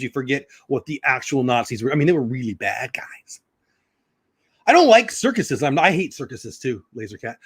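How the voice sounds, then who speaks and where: Lively chatty man reading aloud. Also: a little high. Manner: reads a children's book in a sing-song rhythm, chatty asides. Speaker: channel host. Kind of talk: casual vlog with read-aloud.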